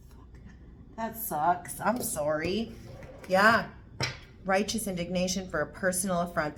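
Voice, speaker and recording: A woman's voice: medium pitch, fairly bright tone, slight background noise. A woman giving a casual tarot reading to camera, blunt and repetitive, swearing freely as she talks. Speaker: tarot reader.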